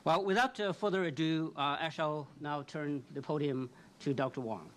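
A man with a fairly high voice introduces the guest speaker. He reads through the list of credits haltingly, pausing often on "uh" and stumbling over some of the names. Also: heavy background noise. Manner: halting, with frequent "uh" while reading a bio.

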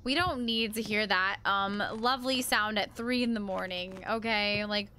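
A woman's voice: mid-range voice, fairly even intonation, moderate pace. A woman gamer commenting to herself as she plays a horror game, full of "like", swearing and nervous gasps, on a noisy home recording. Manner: talks to herself, filler "like", swears and gasps when startled. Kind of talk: casual let's-play commentary.

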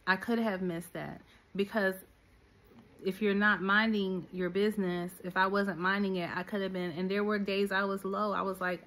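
A middle-aged woman minister and business coach preaching to her listeners in an animated, direct way. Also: medium pitch, normal speed. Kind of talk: sermon-style teaching.

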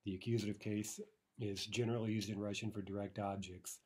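Male language teacher, low husky voice, easygoing explainer who keeps checking in. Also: fairly quick. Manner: relaxed, many uh fillers and "right?" checks. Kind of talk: recorded lesson explaining grammar.

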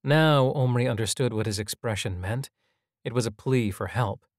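A man's voice: medium pitch, moderate pace, no room sound. Man narrating a story, dry close sound. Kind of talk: scripted audio drama narration.

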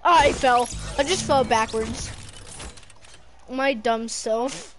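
A young woman playing a video game with a friend, yelling, swearing and joking. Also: on the high side, slow pace, soft background music. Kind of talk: casual gaming chat.

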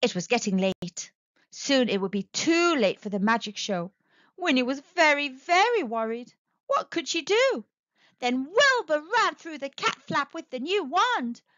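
A woman telling a children's story aloud, with a sing-song, expressive delivery, in a slightly muffled, dry recording. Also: high voice, measured pace, no echo. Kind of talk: children's read-aloud narration.

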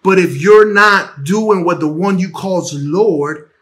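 High, bright-voiced man preaching casually. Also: slow pace. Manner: animated and repetitive, restarting words. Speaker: preacher teaching the Bible. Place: home bedroom. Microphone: phone.

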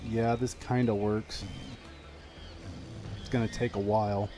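A lowish-voiced man speaks a little slowly, with some hiss or hum on the recording and game sounds behind him as he streams. During this live gameplay commentary he's excitable, chatting to the characters, yelping in panic when things go wrong, and using plenty of exclamations and fillers.

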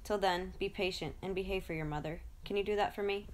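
A woman's voice: mid-range voice, steady tone, quick pace, natural voice. A woman voicing a stern, powerful male lion leading his pride in a storybook, in a commanding way.

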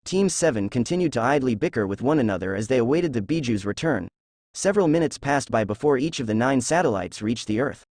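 A young man reading a fan-fiction story aloud at a steady, unhurried pace. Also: mid-range voice, no echo, studio quality.

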